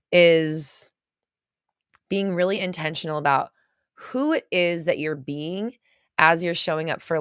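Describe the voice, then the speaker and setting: A woman's voice: low voice, clear, resonant tone, no room sound, clean studio sound. A woman from California, a mindset coach hosting a casual livestream. She chats and rambles as she reads viewer comments, often laughing and gasping. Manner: chatty, rambling, quick to laugh and gasp.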